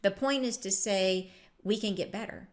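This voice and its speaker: A woman spiritual teacher giving a relaxed, reflective talk with a chatty, often laughing manner. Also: medium pitch, normal speed.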